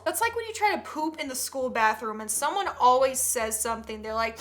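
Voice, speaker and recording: A young woman doing comedic commentary, laughing often and jumping into loud put-on voices. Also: high-pitched, animated, moderate pace. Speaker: comedy YouTuber reacting to parenting tweets.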